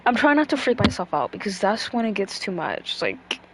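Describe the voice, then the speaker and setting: A woman's voice: medium pitch, very animated, normal speed, background noise. A woman chatting casually on a stream, rambling with lots of fillers and swearing freely.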